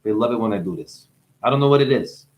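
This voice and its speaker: A man with a New Jersey accent giving a rambling spiritual monologue as a livestream host. He swears freely and swings from loud bursts to hushed musing. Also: fairly low pitch, animated, quick pace.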